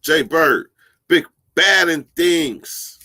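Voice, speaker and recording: A man hosting a casual live stream, telling stories in a loose, profane, animated way and laughing often. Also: on the high side, extremely slow.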